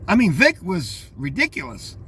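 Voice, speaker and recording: A man's voice: a little high, wildly swooping pitch, moderate pace, bright, forceful tone, husky. An older man reading out news headlines and commenting on them in a rambling, scornful way, talking straight to his listeners.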